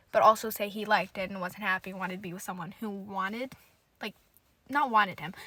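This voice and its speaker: A woman's voice: medium pitch, bright, forceful tone, no echo, poor audio. A young woman hosting a casual solo podcast, rambling and swearing freely as she rants in frustration. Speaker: podcast host.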